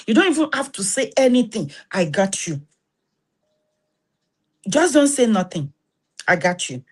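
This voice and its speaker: A woman with a Nigerian Yoruba accent, hosting an animated spoken talk that mixes in Yoruba and preacher-like rises, ending in prayer. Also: a little high, a little slow, long pauses. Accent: Nigerian, Yoruba-influenced. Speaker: host and massage therapist.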